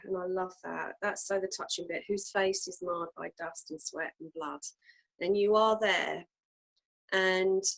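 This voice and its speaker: A woman co-hosting a casual reflective chat, talking earnestly with many fillers and pauses. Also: on the low side, rough recording. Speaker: co-host.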